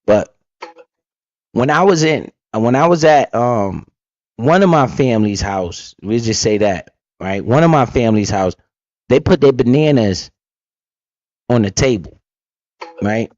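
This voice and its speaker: A man's voice: mid-range voice, a little slow, long pauses, dry recording. Blunt, profane man reacting, lo-fi sound. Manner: blunt, profane, lively storytelling. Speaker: commentator reacting to an interview. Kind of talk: casual reaction commentary.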